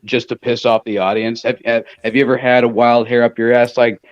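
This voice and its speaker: A man co-hosting a podcast, telling relaxed, halting anecdotes in casual chat. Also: mid-range voice, dry recording, highs cut off. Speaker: co-host.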